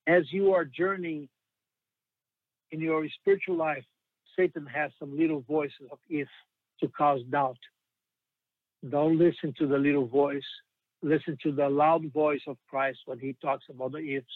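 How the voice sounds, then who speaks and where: A man preaching a sermon in an earnest, emphatic way, slowing down when he quotes scripture. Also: on the high side, steady tone, no echo. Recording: tinny phone-like sound.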